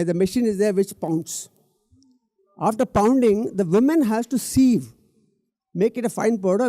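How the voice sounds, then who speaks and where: A man's voice: high voice, mellow, no echo. Man, middle-aged, earnest public speaker, emphatic, dry close sound. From India. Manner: earnest, emphatic, repeats key words, addresses the audience directly. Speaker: speaker at a public talk event. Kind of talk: public talk on stage.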